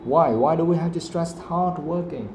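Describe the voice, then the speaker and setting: A man teaching a live English pronunciation lesson, asking the class the same question again and again and saying the example sentences slowly. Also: on the high side, darkish tone. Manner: asks questions again and again, quotes the audio slowly. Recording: echoey room, faint background noise.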